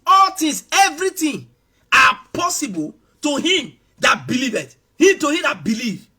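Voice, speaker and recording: A man preaching in a strikingly high, sharp and bright voice. His pitch swings widely as he repeats key phrases and rises into impassioned shouts. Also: very animated, a little slow. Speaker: pastor. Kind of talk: sermon.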